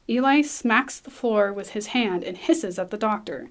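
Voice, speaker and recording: A woman reading a screenplay aloud, brisk, with small slips and restarts. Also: medium pitch, animated. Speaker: script reader.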